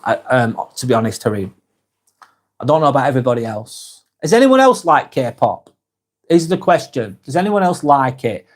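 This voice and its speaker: A man's voice: mid-range voice, big pitch swings, moderate pace. A man in his forties with a Lancashire accent, hosting a casual live vlog and reading viewer comments aloud, chatty and friendly, often restarting and correcting himself. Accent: Lancashire English. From England. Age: 40s.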